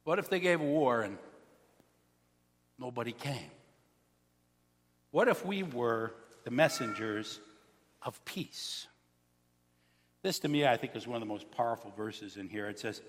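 A pastor preaching a sermon, telling stories in a chatty way and asking the congregation questions. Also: male voice, mid-range voice, measured pace, long pauses, big-room sound. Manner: animated, conversational, asks the congregation questions. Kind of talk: sermon with storytelling.

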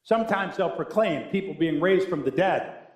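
A male pastor preaching a sermon with animated, humorous storytelling. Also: high voice, moderate pace. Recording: echoey room.

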